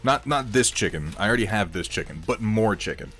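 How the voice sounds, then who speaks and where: A man's voice: fairly low pitch, animated, fairly quick, a bit bright, soft background music. A man hosting a casual livestream, chatting wryly with viewers in a rambling way while he eats and paints miniatures.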